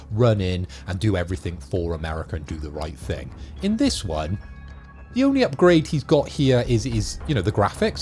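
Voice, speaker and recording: A man's voice: low-pitched, darkish tone. A man co-hosting a casual film review chat, joking and asking his co-hosts to agree. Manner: jokey, conversational, tag questions. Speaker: podcast co-host.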